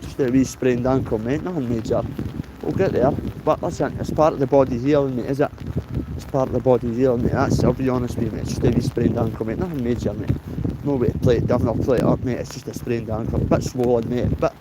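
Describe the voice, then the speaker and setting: Walking outdoors in the rain, a Dundee man from Scotland in his late thirties talks fast and steadily in a mid-range voice for his casual vlog, swearing freely, speaking bluntly and tacking "mate" onto almost every phrase. Very noisy audio.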